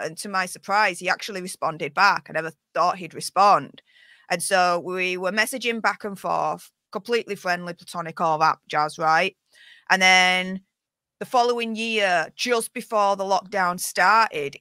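A woman's voice: fairly low pitch, pushed and bright, dry recording. A woman from Yorkshire with a Yorkshire accent, telling stories as a podcast guest in casual chat. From Yorkshire, England. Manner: chatty storyteller, quick asides.

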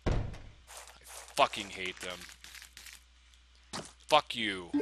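A man's voice: fairly low pitch, expressive, moderate pace, sharp tone, a little hiss or hum, poor audio. A man commentating his own video game play, swearing and ranting in frustration at the enemies. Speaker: let's play gamer. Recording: game music clearly behind the voice. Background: game music.

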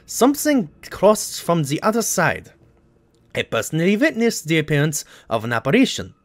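A man's voice: on the high side, huge pitch swings, moderate pace, no echo. A man voicing a stiff wartime official, reading a letter aloud in an exaggerated mock German accent. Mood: formal.

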